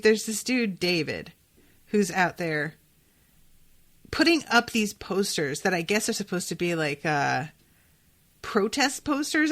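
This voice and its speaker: A woman hosting a podcast, giving chatty, excitable reactions to a comedy episode and swearing freely. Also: mid-range voice. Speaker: podcast host. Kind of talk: casual episode reaction commentary.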